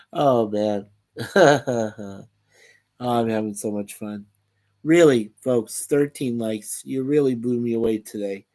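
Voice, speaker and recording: A man hosts a relaxed live stream and reads viewer comments aloud. He talks slowly and easily, with plenty of chuckling between remarks. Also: medium pitch. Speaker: livestream host reading chat. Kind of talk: casual live-stream chat.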